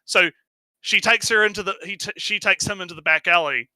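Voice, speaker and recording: Stream co-host: high, bright man, animated, swears freely, acts out characters mid-recap. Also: a little fast, clean tone, dry recording, low-quality recording. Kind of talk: casual chat, recapping an anime.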